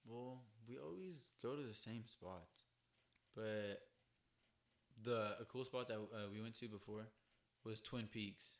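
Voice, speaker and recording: A man's voice: on the low side, a little slow, pauses often, roomy sound. A young man joking around in a casual podcast chat, using a lot of slang.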